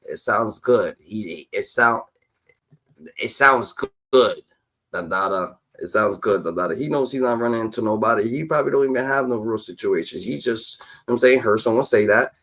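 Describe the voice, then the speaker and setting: A man hosting a stream, reacting to clips in an animated rant and ending lines with a repeated filler word. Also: lowish voice, moderate pace, rough recording. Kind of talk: casual ranting commentary.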